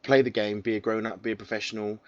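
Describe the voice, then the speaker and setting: A man's voice: lowish voice, little pitch movement, fast, darkish tone, highs cut off. A man co-hosting a casual sports podcast, talking in rambling bursts with restarts. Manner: rambling, many restarts and fillers. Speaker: podcast co-host.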